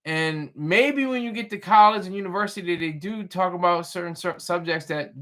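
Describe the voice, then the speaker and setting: At a moderate pace and a bit bright, this high-pitched man runs a casual livestream as a host reading chat. His talk wanders, with frequent restarts and chuckles at the comments.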